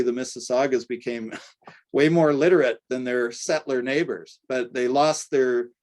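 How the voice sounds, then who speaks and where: An older man giving an academic lecture in a conversational way, often checking in with "right?" and pausing on fillers. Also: mid-range voice, darkish tone. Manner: conversational, tags points with "right?", frequent fillers. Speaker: archaeology lecturer.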